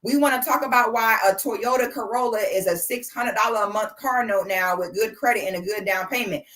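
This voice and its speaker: Swearing freely, a woman in her 30s hosts a livestream and tears into a casual commentary rant with blunt sass. Her voice is a little high and a bit bright, and her pace is fairly quick.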